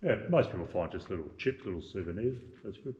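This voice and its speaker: Tour guide, Australian man, low voice, easygoing and jokey, slightly dull lo-fi sound. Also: animated, fast talker, a little mellow, slight background noise. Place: underground opal mine tunnel.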